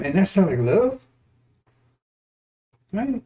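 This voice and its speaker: A religious teacher preaches on scripture in an easy, high voice with a warm, dark tone, at normal speed with long pauses. He is emphatic and repetitive, chuckles frequently, and swears casually.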